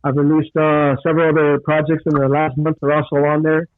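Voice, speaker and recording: A man's voice: fairly high pitch, completely flat delivery, a little fast, no room sound. A man guesting on a podcast, talking earnestly in a casual chat. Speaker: guest rapper. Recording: tinny phone line.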